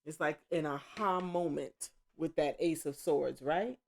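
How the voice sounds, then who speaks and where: Woman doing a chill tarot reading at home, slow and rambly, keeps correcting herself. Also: low voice, vocal fry. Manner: rambling, self-correcting, with excited exclamations. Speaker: tarot reader. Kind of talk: casual spoken tarot reading.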